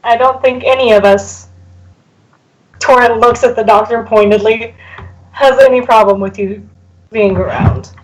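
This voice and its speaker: A woman's voice: on the high side, steady tone, unhurried, pauses often, low-quality recording. A woman playing a tabletop game, speaking directly and asking pointed questions. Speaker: player. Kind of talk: casual in-character game talk.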